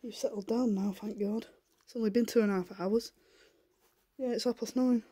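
A woman filming a casual home vlog in her living room, talking softly and in coaxing baby talk to a puppy, often half-whispering, on a handheld camera. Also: fairly high pitch, fairly even intonation, normal speed, breathy edge. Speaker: vlogger.

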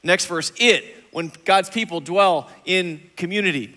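Male lead pastor, high and bright, lively conversational sermon delivery in a church. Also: a little slow, long reverb tail. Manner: energetic, conversational preaching. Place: church sanctuary.

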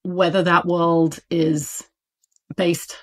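A woman's voice: lowish voice, flat delivery, very slow. A woman with a British accent, an audiobook publisher chatting as an interview guest, talking animatedly with plenty of fillers and laughs. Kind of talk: casual interview talk.

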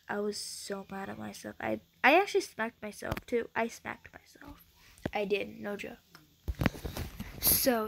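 A woman's voice: a little high, creaky, fairly bright tone, a little hiss or hum. A woman chatting casually over a video game, rambling with lots of fillers. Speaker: gaming vlogger. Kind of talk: casual chat over gameplay.

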